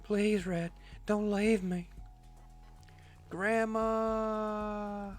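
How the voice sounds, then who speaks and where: A man voicing a pleading old grandmother in a high, wavering falsetto. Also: flat delivery, very slow, soft background music. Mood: calling.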